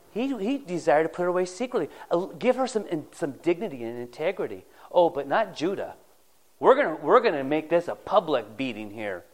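Folksy preacher retelling a Bible story. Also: male voice, fairly high pitch, a little mellow. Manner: folksy storytelling, acting out the characters' lines. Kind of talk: sermon.

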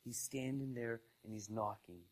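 A man preaching a sermon in a conversational style, rising to loud emphasis and dropping to quiet asides. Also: mid-range voice, normal speed, low-quality recording. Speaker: pastor.

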